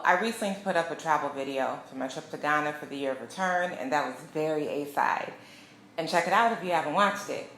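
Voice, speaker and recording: Low-voiced woman telling a vlog story. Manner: emphatic, talks straight to viewers. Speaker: vlogger. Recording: roomy, distant mic with steady background noise.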